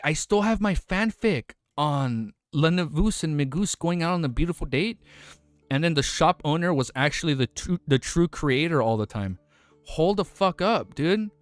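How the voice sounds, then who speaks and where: A young man streaming live, chatting casually in an excitable way, swearing freely and thinking out loud. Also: medium pitch, no echo.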